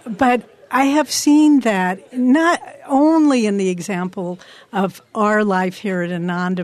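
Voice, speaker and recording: A woman's voice: mid-range voice, a little mellow, no echo. Woman teacher, meditation talk with stories, earnest, dry close sound, mid-range voice. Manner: earnest, slows words down for emphasis. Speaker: spiritual teacher.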